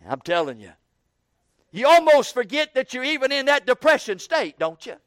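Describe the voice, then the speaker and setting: A man preaching an evening sermon in a folksy way, repeating words and building up to shouted questions. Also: very high voice, big pitch swings, brisk, smooth, no echo, clean studio sound.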